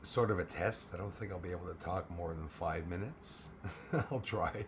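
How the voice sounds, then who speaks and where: A man hosting a live stream in a hoarse, worn-out voice that sits low in pitch. He keeps everything quiet and held back, chatting casually with viewers. A faint hiss of noise sits underneath. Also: moderate pace. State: hoarse, losing his voice.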